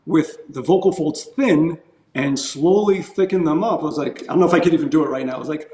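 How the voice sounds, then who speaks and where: A man's voice: on the high side, brisk, mellow. A man, a guest musician, explaining at length in a casual podcast interview, chuckling now and then. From United States. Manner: rambling, explanatory, chuckles while talking. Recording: echoey room.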